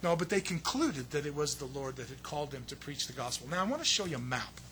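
A man preaching a sermon as pastor, telling the story with lively acted-out quotes. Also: on the high side, fast talker, a little hiss or hum. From United States. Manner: animated storytelling, acts out quoted voices.

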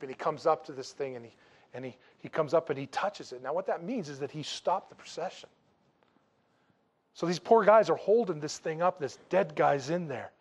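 Animated, joking preacher man. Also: on the high side. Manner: humorous, animated storytelling with laughs; acts out dialogue in a casual, jokey way. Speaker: pastor. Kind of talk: sermon.

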